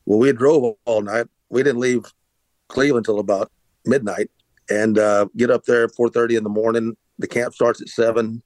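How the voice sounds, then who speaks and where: A man's voice: medium pitch, fairly even intonation, normal speed, darkish tone, no echo. A middle-aged man hosting a podcast, telling a long story casually, with frequent restarts and filler words. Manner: rambling, many restarts and "uh"s. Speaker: podcast host, former pitcher.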